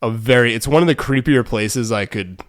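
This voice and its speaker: A man's voice: medium pitch, normal speed, no room sound, studio quality. A young man with a New England accent, co-hosting a podcast and rambling through a story in casual chat, full of fillers and restarts. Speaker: podcast co-host.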